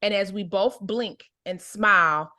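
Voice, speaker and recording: A woman teaching an adult English book club, reading a novel aloud and then explaining it slowly and clearly. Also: mid-range voice, sharp tone. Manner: slow, clear teacher explanations with check-ins.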